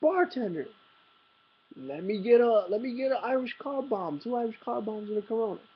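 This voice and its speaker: A man voicing a rowdy, crude drunk young man at a bar, loud and bossy. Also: very high-pitched, animated, moderate pace, slightly rough, highs cut off, pitched above the performer's own voice, full character voice.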